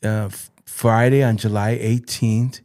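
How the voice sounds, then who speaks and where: A man's voice: fairly low pitch, flat delivery, unhurried, darkish tone. A man speaking as a podcast guest and youth football coach. He tells personal stories earnestly and emotionally, often stopping to repeat and restart his phrases.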